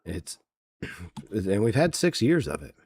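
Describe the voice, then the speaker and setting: A man's voice: lowish voice, big pitch swings, slow, gravelly, darkish tone, husky. A man hosting a wrestling podcast, ranting sarcastically in casual chat with many fillers. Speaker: podcast host.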